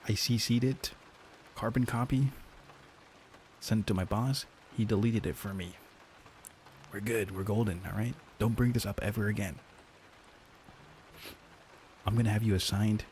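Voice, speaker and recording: A man's voice: fairly low pitch, a little hiss or hum, natural voice. A man voicing a sleazy office boss who brushes off complaints in a bossy, dismissive way.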